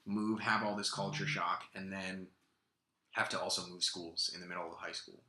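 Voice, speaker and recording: A man's voice: deep voice, steady tone, moderate pace, bright, forceful tone. A young man from Russia, a guest actor, chatting and rambling through stories in a casual interview. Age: young adult. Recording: echoey room.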